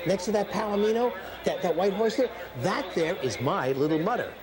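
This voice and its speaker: A man's voice: sits high, animated, brisk, crowd noise. A man playing the straight man in a stage comedy sketch, coaxing and mock-dignified. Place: stage before a live audience. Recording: live show with loud audience.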